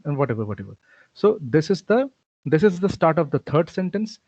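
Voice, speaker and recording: A man's voice: fairly high pitch, sing-song, fairly quick, darkish tone, no room sound. A man giving a recorded programming lecture, explaining step by step with frequent "okay" and "uh" fillers. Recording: dull, lo-fi dry recording.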